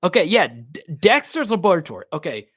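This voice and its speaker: A man's voice: high-pitched, sing-song, fairly quick, crowd noise. A man hosting a casual live stream. He laughs often and repeats himself as he talks. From New Roads, Louisiana.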